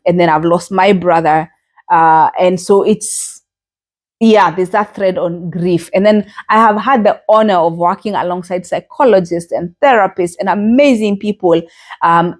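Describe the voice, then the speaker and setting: A middle-aged woman hosting a podcast, talking reflectively and earnestly in a gentle way, with frequent fillers and restarts. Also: fairly low pitch. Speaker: podcast host. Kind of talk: reflective solo podcast talk.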